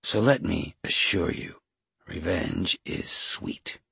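A man's voice: sits low, takes it slowly, gravelly, sharp tone, slightly rough, no room sound, full character voice. A man voicing a gloating, vengeful body thief. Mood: spiteful. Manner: mocking, triumphant. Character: Jason, a vengeful, gleeful man possessing another's body.

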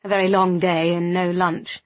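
A woman voicing a weary, wry young gentleman who speaks in a tired, dry, understated way. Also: on the low side, little pitch movement, moderate pace, dry recording, close to an everyday voice.

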